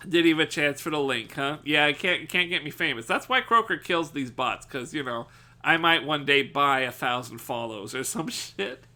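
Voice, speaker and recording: A man streaming live, chatting casually with his viewers, cursing freely, laughing often and yelling at chat when excited. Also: on the high side, normal speed.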